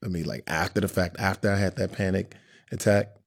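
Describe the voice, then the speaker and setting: Man, pro athlete guest, halting delivery, very deep voice. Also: fairly even intonation. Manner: halting, repeats phrases. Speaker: guest, pro football player. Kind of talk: candid interview answers.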